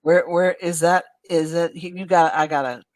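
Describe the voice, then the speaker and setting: An older woman co-hosting a casual talk show, reacting with enthusiasm and exclaiming how exciting it all is. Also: lowish voice, normal speed, dry recording, low-quality recording. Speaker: radio show co-host. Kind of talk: casual paranormal investigation chat.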